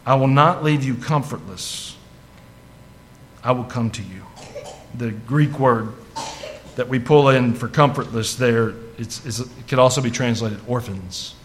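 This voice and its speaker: At a measured pace, a male pastor talks with his congregation in a relaxed, conversational way, then grows fervent in stressing scripture. His voice is medium-pitched and a bit bright.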